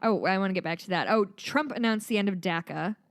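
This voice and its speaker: A woman with a Midwestern American accent co-hosting a podcast in casual chat, animated and swearing freely. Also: medium pitch, quick pace, no echo. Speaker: podcast co-host.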